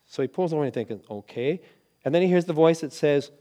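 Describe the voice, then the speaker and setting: A man preaching a sermon, telling a story dramatically and dropping from loud lines to hushed ones. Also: on the high side, animated, fast. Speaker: pastor.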